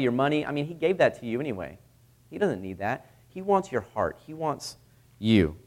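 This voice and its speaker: Earnest male preacher. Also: a little high. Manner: earnest, emphatic, swinging between loud and quiet. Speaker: pastor. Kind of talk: sermon.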